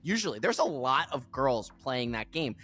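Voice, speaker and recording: Giggly, sarcastic podcast host. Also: male voice, medium pitch, very animated, normal speed, sharp tone. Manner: laughs mid-sentence, sarcastic. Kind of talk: casual podcast chat.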